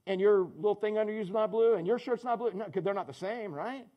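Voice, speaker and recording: A man's voice: high-pitched, brisk, dull audio. A man preaching a sermon as pastor, conversational and joking, calling on people in the congregation by name. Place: church in front of a congregation.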